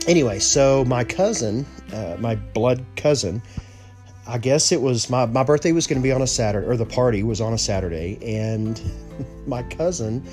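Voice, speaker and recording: A man's voice: mid-range voice, darkish tone. A man telling a personal story in a casual, rambling way, full of restarts and asides.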